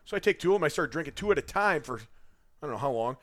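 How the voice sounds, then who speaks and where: A man's voice: fairly high pitch, lively intonation, very fast, a bit bright. A man rambling through laughing anecdotes in a casual podcast chat, drinking as he talks. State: drinking while talking. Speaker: guest storyteller.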